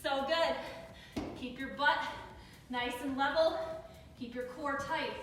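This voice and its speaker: Brief: young female fitness instructor, high voice, winded and encouraging, recorded from across a reverberant room. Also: slow, fairly bright tone, a little hiss or hum. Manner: upbeat encouraging cues, counting down reps. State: out of breath. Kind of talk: live workout coaching. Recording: echoey room with reverb, mic far off.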